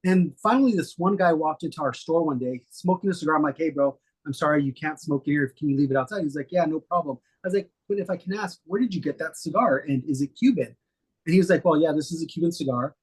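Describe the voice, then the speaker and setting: A middle-aged man, a guest, telling stories in a relaxed, rambling way with many fillers. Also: a little high, quick pace, breathy edge. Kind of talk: casual storytelling interview.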